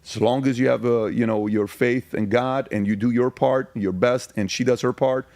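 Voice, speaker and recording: A man in his forties from Iran, a podcast guest telling personal stories in an intense, emphatic way with rapid repeated phrases. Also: medium pitch, steady tone, darkish tone, dry recording, studio quality. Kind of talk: candid personal storytelling.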